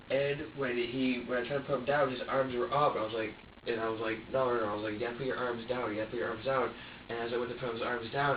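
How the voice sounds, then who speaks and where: A man's voice: mid-range voice, slight background noise. Man in an echoey interrogation recording. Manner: halting and repetitive, restarting sentences, quoting himself. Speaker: suspect being questioned by police. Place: police interview room. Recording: echoey, distant, dull lo-fi room recording.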